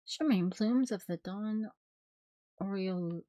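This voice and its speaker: A woman streamer reacting casually on a live stream, expressive and swearing, often laughing. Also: medium pitch, unhurried.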